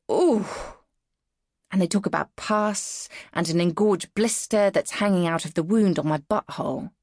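A woman's voice: fairly low pitch, a little mellow, no room sound. A woman reading a novel in the first person, frank and wry, on a close studio mic. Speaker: audiobook narrator. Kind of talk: first-person audiobook narration.

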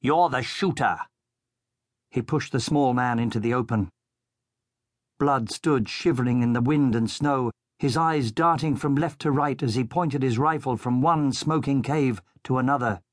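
A man narrating a children's audiobook in a steady, measured storytelling voice into a studio microphone. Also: medium pitch, dry recording.

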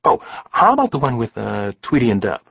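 A man voicing a curious woman who prompts the storyteller for a story, a little higher than his own voice. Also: wildly swooping pitch, brisk, gravelly, slightly rough, full character voice. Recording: slightly dull studio audiobook recording.

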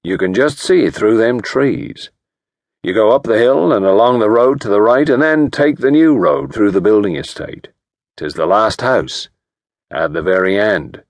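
A man voicing a sly, curious old ferryman with a soft West Country accent and a rural drawl, in an audiobook. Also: lowish voice, lively intonation, measured pace, no echo, studio quality. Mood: folksy.

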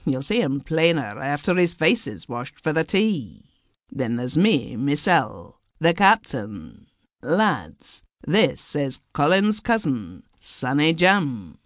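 A woman's voice: low-pitched, very animated, slow pace, no echo, studio quality, exaggerated voice. A woman voicing a jovial middle-aged Scottish steamboat captain who speaks in broad dialect. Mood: hearty.

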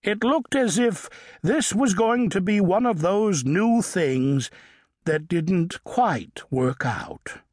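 A man narrating a children's audiobook in a slow, expressive storytelling manner with playful emphasis, recorded in a studio. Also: sits high, no room sound. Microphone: studio microphone.

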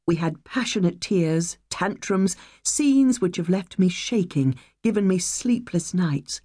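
A woman reading a first-person novel aloud, measured and wistful. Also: on the low side, lively intonation, dark tone, no echo, clean studio sound. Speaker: audiobook narrator. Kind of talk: first-person audiobook narration.

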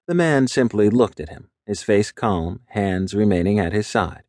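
A man reading an audiobook in a measured, even storytelling voice. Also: on the low side, no room sound, clean studio sound. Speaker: audiobook narrator. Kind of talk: scripted narration.

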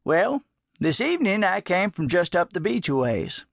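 A man voicing a gentle, teasing old male drifter with a folksy, drawling manner in an audiobook. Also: sits high, big pitch swings, normal speed, creaky, dry recording, clean studio sound, pitched above the performer's own voice, exaggerated voice.

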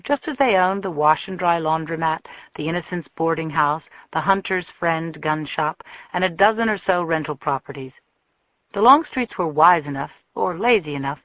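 A woman reading a novel aloud as an audiobook narrator, measured and expressive. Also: low-pitched, no room sound. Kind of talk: scripted narration. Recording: thin phone-like dry sound.

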